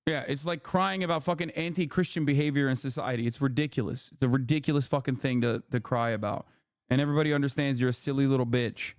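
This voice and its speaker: A man's voice: mid-range voice, steady tone, fast, dry recording, clean studio sound. A man in his thirties streaming live commentary, talking in a heated, profane, lecturing way to his chat. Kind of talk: livestream commentary.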